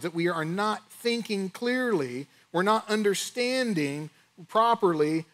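A man preaching a sermon with animated delivery, firing off rhetorical questions and acting out snatches of dialogue. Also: high voice. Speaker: pastor.

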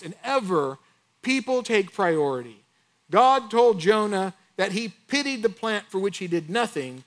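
A man with a rather high voice preaches a sermon. He keeps it lively with rhetorical questions and quick acted-out lines of dialogue. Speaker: pastor.

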